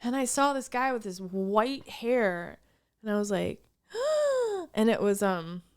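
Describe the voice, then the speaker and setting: A woman's voice: mid-range voice, measured pace, clean tone. A woman co-hosting a podcast, telling a rambling story in casual chat, full of restarts. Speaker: podcast co-host.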